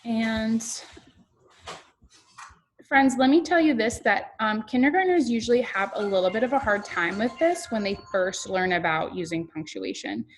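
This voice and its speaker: A young woman teaching kindergartners in an online class, talking in an animated, expressive teacher voice. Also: a little high, moderate pace, slight background noise.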